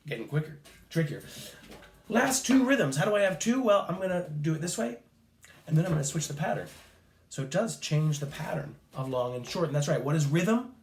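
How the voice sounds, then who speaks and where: A man's voice: on the high side, expressive, normal speed. A man teaching a children's music lesson, upbeat and counting off rhythms for the class to chant along. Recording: echoey room.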